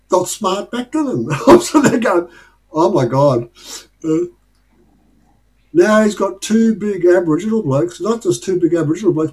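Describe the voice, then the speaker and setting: A man's voice: high-pitched, darkish tone, low-quality recording. An Australian man telling stories in a casual, rambling way and chuckling often. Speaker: speaker sharing life lessons. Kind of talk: casual storytelling talk.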